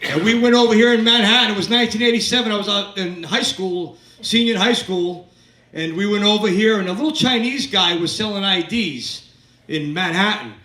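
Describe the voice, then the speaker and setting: A man's voice: sits high, fairly quick, bright, forceful tone. A man in his fifties doing a stand-up set in a comedy club, telling crude, rambling stories and working the crowd. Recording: echoey club, from a distance.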